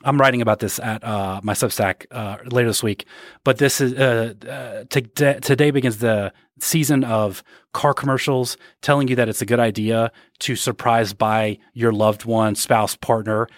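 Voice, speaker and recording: A man's voice: mid-range voice, fairly even intonation, normal speed, no echo, clean studio sound. A man co-hosting a podcast, ranting sarcastically in casual chat. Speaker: podcast co-host. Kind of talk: casual pop-culture chat.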